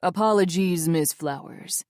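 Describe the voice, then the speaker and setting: A woman's voice: lowish voice, a little slow, a little mellow, no room sound, clean studio sound, natural voice. A woman voicing a polite, formal male bodyguard who speaks in a courteous, apologetic way.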